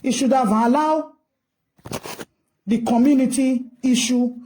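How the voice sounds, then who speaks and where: A woman's voice: high voice, takes it slowly, warm tone, slight background noise. A Nigerian woman giving ranting commentary, scolding and asking rhetorical questions in a mix of English and Pidgin.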